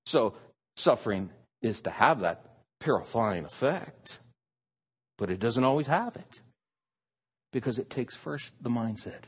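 A male preacher delivering a sermon at an unhurried pace, his voice husky and slightly raised in pitch. He leans hard on single words and swings his intonation widely. The sound carries a long reverb, as in a large hall. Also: expressive. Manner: emphatic, stresses single words.

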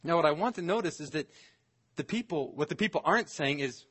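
A man, a pastor, preaching an earnest expository sermon, slowing down to stress scripture phrases. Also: a little high, animated, fairly bright tone.

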